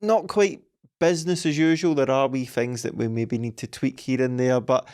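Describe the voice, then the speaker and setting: A man with a Scottish accent co-hosting a football podcast, lively and plain-spoken. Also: medium pitch, moderate pace, clean tone. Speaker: podcast co-host. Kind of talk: casual podcast chat.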